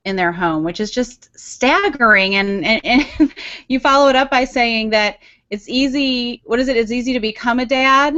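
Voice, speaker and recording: Female interview host, a bit high-pitched, affirming, rambling questions, muffled lo-fi audio. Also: moderate pace. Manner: warm affirming listener, rambling questions with restarts. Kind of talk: conversational interview. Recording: dull lo-fi audio.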